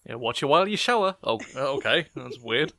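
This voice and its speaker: A man from England co-hosting a podcast in casual chat, tossing out quick joking quips. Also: mid-range voice, animated, sharp tone. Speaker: podcast co-host.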